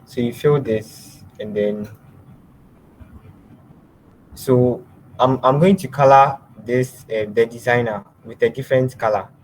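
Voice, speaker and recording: A man teaching a design lab, giving step-by-step software instructions and often trailing off quietly. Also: mid-range voice, steady tone, a little slow, long pauses, slight background noise, low-quality recording. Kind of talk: screen-share software tutorial.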